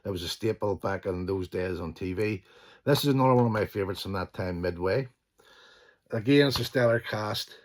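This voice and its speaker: A middle-aged man, enthusiastically chatting about favourite films and swearing casually, often trailing off into quieter asides. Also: on the low side, fairly quick. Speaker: channel host. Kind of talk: casual film collection chat.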